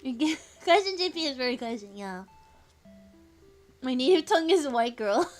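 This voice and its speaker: Californian woman streamer, high and giggly, chatty, faint music under her voice. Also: very animated, measured pace. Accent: Californian American. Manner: giggly, chatty, says "like" often. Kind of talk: casual live-stream chat, reading chat aloud.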